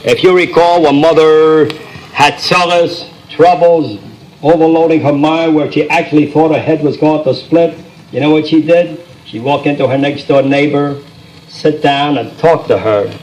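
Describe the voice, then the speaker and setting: A man telling Yiddish-flavored jokes in a folksy storytelling manner, slipping into quick character asides, on an old record. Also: fairly high pitch, fairly even intonation, a little mellow, poor audio. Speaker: stand-up comedian. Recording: old record with faint noise.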